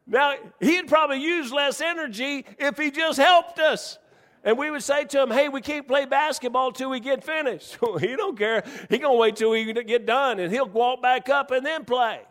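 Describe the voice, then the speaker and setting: A man's voice: extremely high pitch, moderate pace, fairly bright tone, long reverb tail. A man preaching a sermon, telling folksy stories and joking with his congregation. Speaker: pastor.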